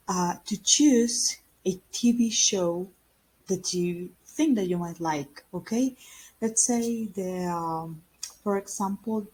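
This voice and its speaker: A woman with a Spanish accent, a native Spanish speaker, teaching English in a casual video lesson, slow and hesitant with many fillers and restarts. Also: medium pitch, darkish tone, slight background noise, low-quality recording.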